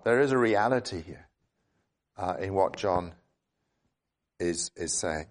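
A man preaching an expository sermon, earnest, often restarting and repeating words as he thinks aloud, with sudden upward jumps of pitch for emphasis. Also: lively intonation, takes it slowly, pauses often.

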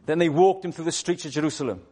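Dramatic preacher, fairly high voice. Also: male voice, fast. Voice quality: dramatic storytelling delivery, swinging from hushed to loud. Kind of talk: sermon. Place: church.

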